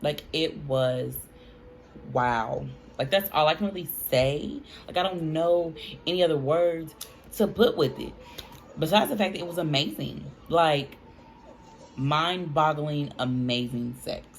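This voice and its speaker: A young woman, telling a casual storytime to her viewers in an animated, chatty way. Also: deep voice, measured pace, slight background noise. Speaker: vlogger.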